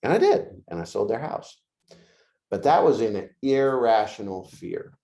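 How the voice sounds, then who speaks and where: Slow-talking, low, mellow man. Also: very animated, creaky. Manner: folksy and reassuring, laughs often. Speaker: real estate office manager. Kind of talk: team meeting talk.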